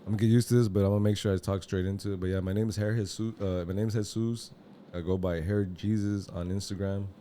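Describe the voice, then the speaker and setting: Quiet soft-spoken man, low dark voice. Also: fairly even intonation, fast, slight background noise. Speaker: barber, podcast guest. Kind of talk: casual interview chat. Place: podcast studio.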